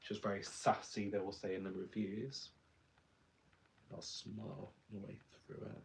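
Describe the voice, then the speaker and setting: A man's voice: on the low side, level tone, a little slow, creaky, a little hiss or hum. A man who is a drag performer, chatting playfully while doing his makeup and laughing often.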